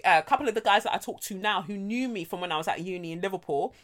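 A young woman, co-hosting a chat show and telling stories in an animated, slangy, frank way with plenty of laughter. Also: medium pitch, fast. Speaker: podcast co-host. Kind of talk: casual chat, storytelling.

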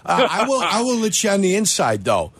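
Animated sports radio co-host. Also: male voice, sits high, a little fast, a loud crowd. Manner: storytelling, emphatic. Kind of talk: casual sports talk.

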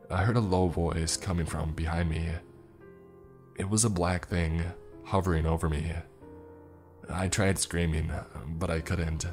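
Man, horror story narration, unhurried delivery, low pitch. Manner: slow, grave storytelling.

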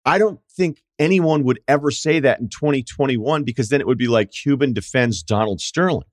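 A man's voice: medium pitch, brisk, dry recording, studio quality. A middle-aged man hosting a sports podcast, delivering an opinionated, sarcastic monologue with mocking asides. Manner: sarcastic, mocking impressions of others. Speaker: podcast host.

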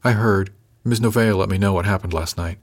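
A man doing a gruff, quiet ship's steward. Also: low-pitched, brisk. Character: gruff middle-aged male ship's steward.

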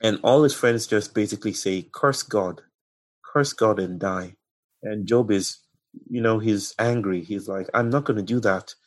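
A man speaking in a slow, searching, reflective way, telling an old story and musing on its meaning. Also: on the low side. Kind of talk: reflective conversation.

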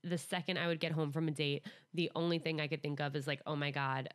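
A woman's voice: deep voice, flat delivery, fast. A young woman hosting a podcast, chatting casually and upbeat with lots of "like". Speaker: podcast host.

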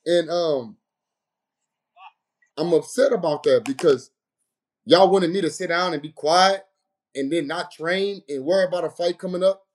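A man's voice: a little high, a little slow, long pauses. A professional boxer, a man, speaking straight to the camera in an emphatic, aggrieved monologue that keeps circling back to the same points. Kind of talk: impassioned direct-to-camera monologue.

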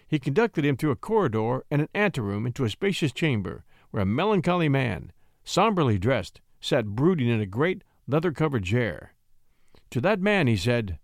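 A man's voice: medium pitch, big pitch swings, normal speed, no echo, studio quality. A man narrating a classic story aloud, giving the characters lightly raised voices. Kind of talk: audiobook reading of a classic story.

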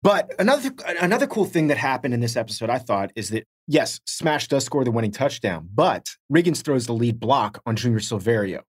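A husky-voiced man co-hosts a casual podcast, talking through a TV episode with animated energy. He slips into quick impressions and laughs along the way. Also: mid-range voice. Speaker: podcast co-host. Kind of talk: casual rewatch podcast chat.

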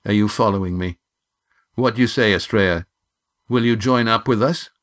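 A man's voice: lowish voice, normal speed, lightly acted. A man voicing a proud, dignified middle-aged painter who talks heartily, in a storybook reading. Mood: earnest.

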